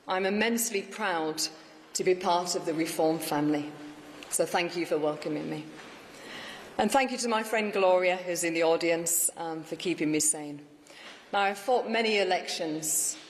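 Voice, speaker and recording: A woman's voice: fairly low pitch, a little hiss or hum. A woman, a newly elected mayor, delivering an emphatic, rousing victory speech to an audience in a large hall. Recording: echoey hall with faint ambience.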